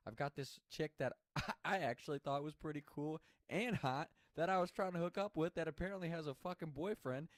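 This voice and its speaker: A man's voice: on the high side, fairly quick, dry recording. A man telling a personal story in a casual, chatty way, swearing freely and laughing as he goes.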